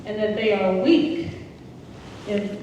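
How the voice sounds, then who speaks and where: A woman's voice: medium pitch, slow pace, mellow, slight background noise. A woman leading a group ritual at a community gathering, rousing the crowd with sing-song calls. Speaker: ceremony leader. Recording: echoey hall, distant mic, music behind.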